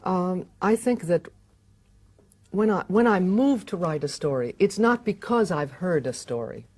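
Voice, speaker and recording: A fiction writer and filmmaker reflects on how stories begin, speaking hesitantly with many fillers and restarts. The voice is medium-pitched, animated and darkish in tone, at a measured pace.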